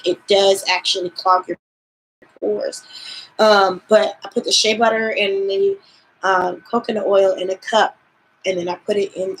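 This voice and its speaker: A young woman talks in a relaxed, chatty way about her skincare routine, and she sounds tired and sleepy from the late hour. Her pitch is mid-range and plain, and she fills her pauses with "um" as she goes. A faint hum of room noise sits behind her. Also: poor audio. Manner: relaxed and chatty, with many "um" fillers, and sometimes yawning. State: tired and yawning, late at night. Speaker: beauty vlogger. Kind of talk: casual live skincare chat.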